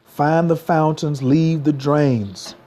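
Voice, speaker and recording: A man's voice: on the high side, takes it slowly, mellow. A man, giving a motivational livestream talk as a spiritual coach, repeating slogans and urging viewers to type them.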